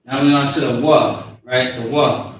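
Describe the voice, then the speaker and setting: A man giving a casual, slangy lesson on words, spelling them out slowly. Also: mid-range voice, fairly even intonation. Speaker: teacher of a language class. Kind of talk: informal lesson with a live chat. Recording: echoey room, far from mic, faint noise.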